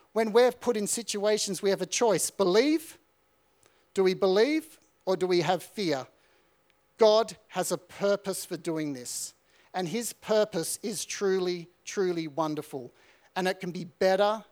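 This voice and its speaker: Earnest man preaching. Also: sits high. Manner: earnest storytelling, some repeated words. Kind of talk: sermon.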